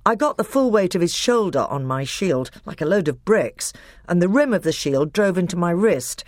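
A brave young king, voiced by a woman, clipped and plucky, keeping a stiff upper lip. The voice is pitched above her own. It is recorded dry and close. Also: lively intonation, normal speed, no room sound. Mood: resolute. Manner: clipped, plucky British schoolboy talk.

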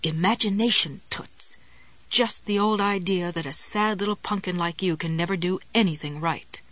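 A hushed, needling inner voice of a blunt woman friend, put on by a female audiobook narrator. She speaks low and close, teasing with blunt familiarity, in a dry, close-miked recording. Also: moderate pace, no room sound, lightly acted.

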